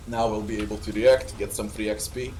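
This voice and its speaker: A man's voice: on the low side, steady tone, brisk, warm tone, slight background noise. A man giving casual gameplay commentary with sardonic asides. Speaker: let's play host.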